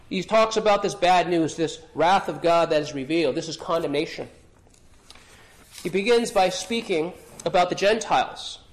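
A man preaching an expository sermon, earnest, often repeating and restarting phrases and clearing his throat. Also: high voice. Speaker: pastor.

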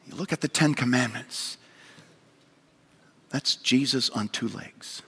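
A man preaching a sermon in earnest, moving between raised emphasis and hushed appeals. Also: mid-range voice, slow, slightly rough. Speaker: pastor. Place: church sanctuary. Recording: long church hall reverb.

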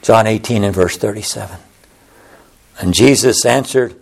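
A man's voice: moderate pace, gravelly. A man preaching a sermon, building passion through repeated phrases and Bible quotations. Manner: impassioned, rising pitch on repeated phrases.

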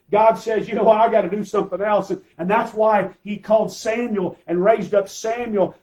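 A man's voice: sits high, darkish tone, rough recording. A male pastor preaching a sermon, emphatic, asking rhetorical questions and calling for amens from the congregation.

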